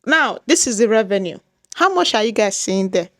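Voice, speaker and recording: A woman's voice: mid-range voice, expressive, moderate pace, a bit bright, dry recording, clean studio sound. A woman with a Nigerian accent vlogging to her viewers, dramatic and exclaiming, often repeating herself. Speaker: YouTuber. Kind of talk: casual vlog talk to viewers.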